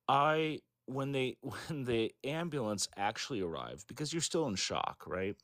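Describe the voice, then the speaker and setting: A man being interviewed, telling a personal story in a rambling, halting way, full of fillers and self-corrections. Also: medium pitch, expressive, a bit bright, no room sound, studio quality. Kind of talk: casual storytelling.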